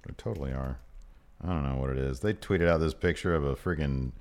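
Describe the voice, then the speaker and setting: A man's voice: extremely low pitch, brisk, a little mellow. A man co-hosting a podcast, chatting casually and reading out viewer questions, laughing often and trailing off into mumbles. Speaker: podcast co-host. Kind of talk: casual chat.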